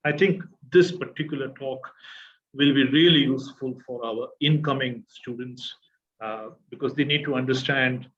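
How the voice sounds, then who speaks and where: A man's voice: mid-range voice, moderate pace, a bit bright, lo-fi sound. A middle-aged man giving a formal introduction of a guest speaker, hesitant and full of filler sounds.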